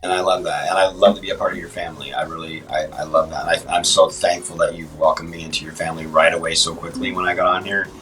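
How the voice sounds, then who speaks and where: Low-voiced man, halting livestream guest. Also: little pitch movement, bright, forceful tone, distant mic, soft background music, rough recording. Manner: halting, many restarts and fillers. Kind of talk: casual interview chat. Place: livestream app chat.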